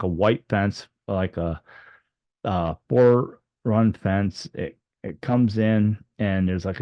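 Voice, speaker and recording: Man telling a personal story, slow and halting, fillers and restarts, dry room, dull lo-fi sound. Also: fairly low pitch, a little mellow, no echo. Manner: hesitant, many fillers and restarts.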